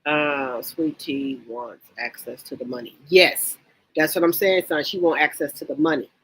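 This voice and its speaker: A woman hosting a casual livestream, reading viewer comments aloud and gossiping about reality TV in an animated, repetitive, exclamatory way. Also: low voice, moderate pace, slightly rough, poor audio. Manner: animated, exclaims and repeats herself, reads chat comments aloud.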